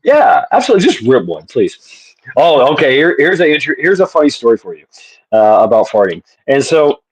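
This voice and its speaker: A man's voice: medium pitch, sing-song, brisk, breathy edge, no echo, poor audio. A man from the southern US telling a rambling, laughing story in a casual online chat. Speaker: panel host.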